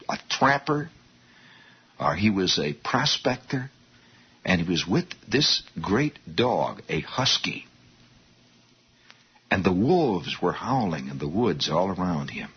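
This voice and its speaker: A man tells a long, rambling story with restarts and asides to his listeners. His voice is very husky and fairly low, and it swings widely in pitch. The recording is dull and lo-fi. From Indiana, US. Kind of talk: storytelling monologue.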